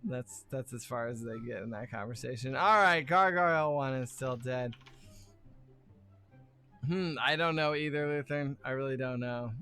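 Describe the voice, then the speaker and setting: A man running a tabletop game on a livestream, laughing and talking loosely, often dropping to quiet asides. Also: medium pitch, normal speed, clean tone, faint music behind. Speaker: game master. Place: home streaming setup.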